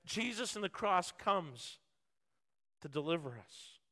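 A man's voice: sits high, sing-song, slow pace, bright, forceful tone. A man preaching a sermon, earnest and building through repetition, acting out short quotes. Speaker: pastor.

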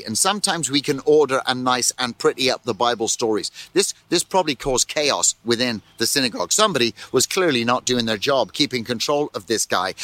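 A man pastor preaching a sermon in an animated way, full of rhetorical questions and repeated words. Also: medium pitch, no echo.

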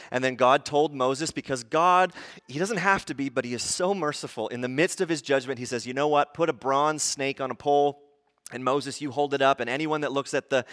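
A man in his thirties preaching a sermon, animated and acting out grumbling voices as he teaches. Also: mid-range voice. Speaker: pastor.

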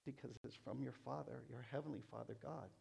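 A man preaching a sermon as pastor, speaking in a slow, prayerful way and building emphasis through repeated phrases. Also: medium pitch, creaky, darkish tone, slightly rough.

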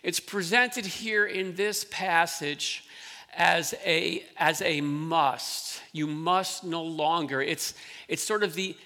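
High, bright-voiced pastor in reverberant hall. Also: male voice, takes it slowly. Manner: conversational preaching with verbal restarts. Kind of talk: sermon.

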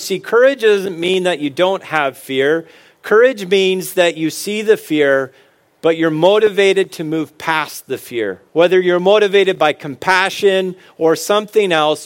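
A middle-aged man giving a humorous motivational talk about fatherhood, joking and telling stories with earnest asides. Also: high voice. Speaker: speaker on fatherhood.

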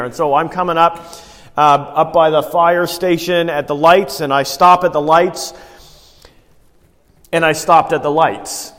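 Man, pastor, conversational sermon, rhetorical questions, somewhat high voice, long hall reverb.

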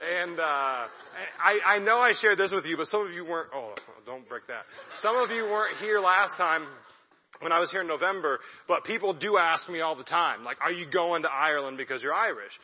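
A man's voice: on the high side, lively intonation, moderate pace, bright, forceful tone. A young man, a missionary, giving a chatty, self-deprecating talk to a church congregation. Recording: echoey hall, dull lo-fi sound.

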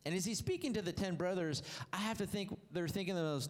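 A man preaching a sermon, telling the story with animated delivery that rises and drops low for emphasis. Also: fast, few pauses.

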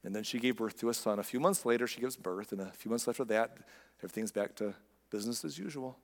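A man's voice: mid-range voice, fast, vocal fry, big-room sound. A man preaching a sermon in a conversational, emphatic way, full of rhetorical questions. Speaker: pastor.

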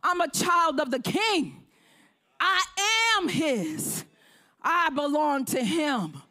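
A woman preaching a fervent sermon with call-and-response, often shouting to the congregation. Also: sits high, lively intonation, takes it slowly.

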